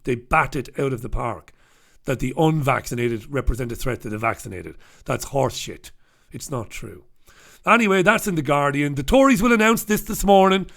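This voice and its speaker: A man hosting a casual newspaper review, chatty and irreverent, swearing and laughing at his own jokes. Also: fairly high pitch. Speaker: host.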